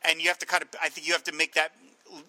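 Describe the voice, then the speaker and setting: Bright, dry-sounding podcast host. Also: male voice, on the high side, rapid-fire, no room sound, rough recording. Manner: chatty, animated storytelling. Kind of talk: casual film discussion.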